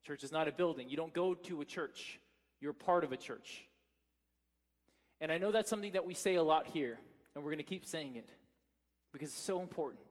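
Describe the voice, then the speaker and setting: A man's voice: on the high side, brisk, big-room sound. A man in his thirties preaching a sermon as pastor, telling stories casually with many fillers and restarts.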